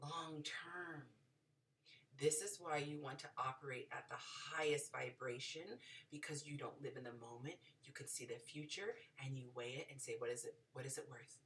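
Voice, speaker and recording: Brief: low-voiced woman host, bright and lively delivery, a little off-mic. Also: normal speed, distant mic. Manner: animated, acts out the people in her stories. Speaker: podcast host giving dating advice. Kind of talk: casual storytelling advice.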